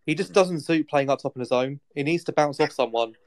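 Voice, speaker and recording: A man co-hosting a football podcast, talking tactics in a thoughtful, hesitant way with pauses and fillers. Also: fairly high pitch, slight background noise, low-quality recording. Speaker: podcast co-host. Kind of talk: casual football chat.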